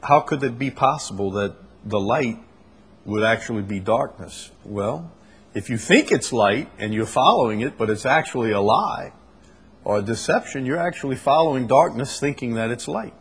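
A man preaching a sermon in a conversational way, reading scripture aloud and explaining it, often clearing his throat. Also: mid-range voice, animated, moderate pace. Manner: conversational, with fillers and restarts, reads scripture aloud.

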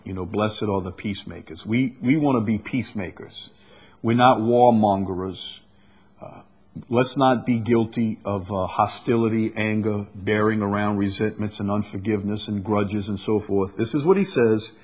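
A man preaching an expository sermon, reading scripture slowly and deliberately, then booming for emphasis and dropping low. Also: a little mellow, slightly rough. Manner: reads verses slowly and deliberately. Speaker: pastor.

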